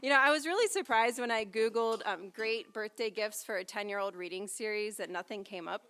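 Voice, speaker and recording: A woman with a smooth, resonant voice hosts a live literary evening. She tells playful, self-deprecating stories in a chatty stand-up rhythm, peppered with "um" and "like". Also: mid-range voice, fairly quick, a bit bright. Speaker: event hostess. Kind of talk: comedic stand-up style hosting. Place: live reading event before an audience.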